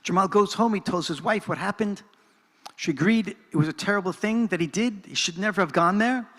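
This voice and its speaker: An older man recounts a personal story before an audience, earnest and dramatic, pausing to reflect. His voice sits a little on the high side. The sound rings with the long reverb of a large hall. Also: a bit bright. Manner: earnest and dramatic, shifting between narration and reflection. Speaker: speaker at a presentation. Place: synagogue hall.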